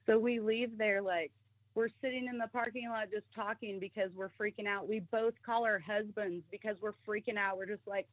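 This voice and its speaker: A woman's voice: mid-range voice, normal speed, no echo. A woman telling a personal story in casual talk, acting out the voices of the people in it. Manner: animated, acts out the voices of people in her story. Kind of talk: casual storytelling on a call-in show. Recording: tinny phone line, dry.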